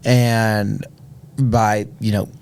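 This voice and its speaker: A young man speaks in a somewhat low voice. He tells his story earnestly, with lots of fillers and restarts. It sounds like a relaxed podcast conversation. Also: drawn-out words, creaky, slight background noise. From Indiana, USA. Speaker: podcast guest. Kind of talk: casual storytelling.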